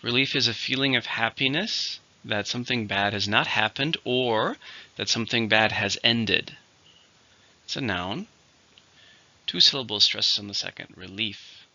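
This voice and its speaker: A man teaching English vocabulary in a scripted lesson, saying each word slowly and clearly and then repeating it. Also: on the low side, bright, forceful tone, no echo. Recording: dull lo-fi recording.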